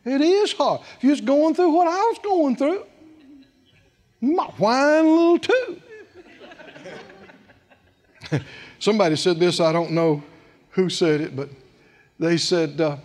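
A male preacher delivering a sermon in an animated way, chuckling often and stretching words for emphasis. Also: very high voice, measured pace, pauses often.

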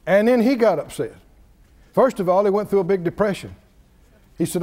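A man preaching a sermon, telling the story with lively swings in his voice and acting out the people in it. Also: sits high, normal speed. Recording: reverberant hall.

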